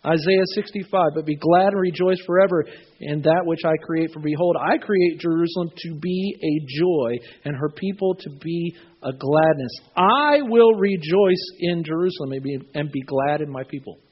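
A man preaching a sermon, reading scripture and telling stories with lively acted-out voices. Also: a little high, normal speed, slightly rough. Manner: animated storytelling, acting out voices. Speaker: pastor. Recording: dull, lo-fi sound.

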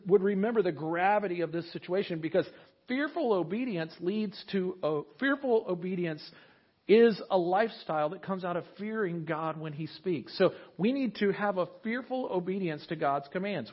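A high-voiced man preaching a lively sermon, acting out quotes and tossing in jokey asides. The recording is dull and lo-fi, captured in a church sanctuary. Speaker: pastor.

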